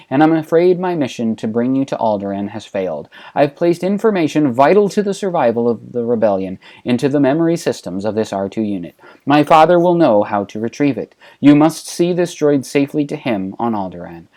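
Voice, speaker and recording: A man's voice: mid-range voice, expressive, fairly quick, dark tone, close to an everyday voice. A man voicing a young princess who pleads solemnly for help in a recorded message. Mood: solemn pleading.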